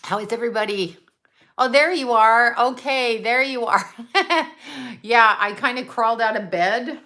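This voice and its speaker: This livestream host has a medium-pitched voice with a bright, forceful tone. Having just gotten out of bed, she chats cheerfully from home and calls out the locations of her viewers.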